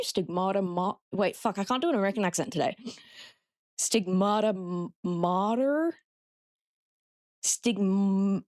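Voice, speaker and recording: Playing a horror game live, an Australian woman chats casually with her viewers and swears freely. Her voice is medium-pitched, with no room sound.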